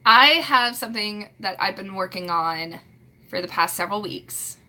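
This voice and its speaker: A woman in her late twenties hosts a relaxed live chat. She rambles and giggles, trailing off into "um" and "like". Her voice is bright and crisp, and her pitch sits in the middle. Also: normal speed. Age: late 20s. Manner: rambling and giggly, full of fillers. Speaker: live stream host.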